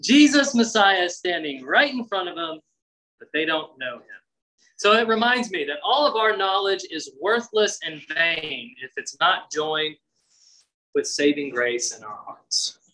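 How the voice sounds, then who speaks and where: Man, preacher, sermon, bright tense voice, very animated delivery. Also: sits high, measured pace, low-quality recording. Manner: acts out scripture voices, conversational asides. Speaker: pastor.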